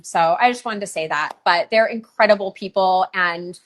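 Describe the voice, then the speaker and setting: A woman hosting a live shopping stream for roses, chatting casually with lots of fillers and pauses. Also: mid-range voice. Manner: chatty, many fillers, emotional at times. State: tearful. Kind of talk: live sales stream chat. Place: rose farm, humid.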